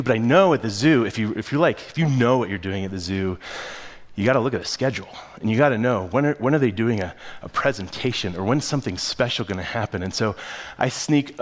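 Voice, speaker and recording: A man, a pastor and father of three young boys, preaching a sermon in a casual, animated storytelling style. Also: mid-range voice.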